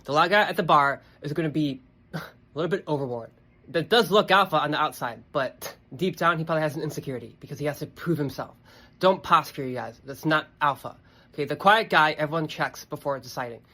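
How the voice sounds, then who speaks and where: A man's voice: fairly high pitch, fairly quick, pushed and bright. A young man hosting a podcast, talking emphatically in a casual monologue, swearing often and checking in with "okay" and "you guys.". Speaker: podcast host.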